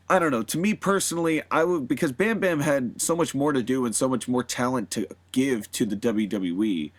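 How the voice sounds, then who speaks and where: A man hosting a podcast, talking casually and at length, rambling with many fillers and frequent laughs. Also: medium pitch. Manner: rambling, animated, laughs often, lots of fillers. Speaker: podcast host. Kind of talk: casual solo commentary.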